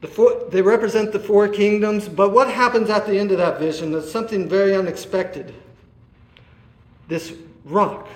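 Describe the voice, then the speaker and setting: A man preaching a sermon, asking his listeners rhetorical questions and often pausing on "uh". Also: high-pitched. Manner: asks the listeners rhetorical questions, with many "uh" fillers. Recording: echoey room.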